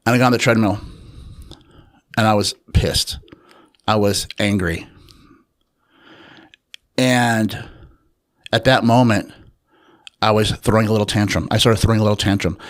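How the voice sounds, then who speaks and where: Unhurried reflective male storyteller. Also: on the low side. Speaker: interview guest, author and researcher. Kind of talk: personal storytelling in an interview.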